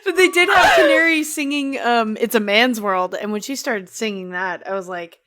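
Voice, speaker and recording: A woman's voice: fairly high pitch, lively intonation, moderate pace, a bit bright. A woman co-hosting a podcast in casual chat, mostly adding short reactions and agreement. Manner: brief reactive interjections and agreement. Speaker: podcast co-host.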